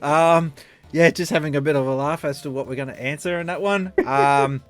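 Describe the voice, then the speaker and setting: A man's voice: on the high side, fairly even intonation, fairly quick, faint music behind. A man hosting a podcast panel, laughing along with guests and moving on to the next question. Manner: laughs along and moves the show on. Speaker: podcast host.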